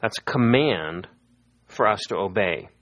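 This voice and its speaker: A man's voice: lowish voice, a little slow. A middle-aged man preaching a sermon as a pastor, telling stories and acting out the people he quotes. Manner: lively storytelling, acting out quoted voices.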